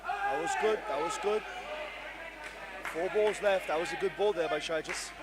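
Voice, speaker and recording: Male commentator for a live indoor cricket match; high, excitable, heard over a noisy crowd. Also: normal speed. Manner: excitable, bursts into shouts at big moments. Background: crowd and venue noise.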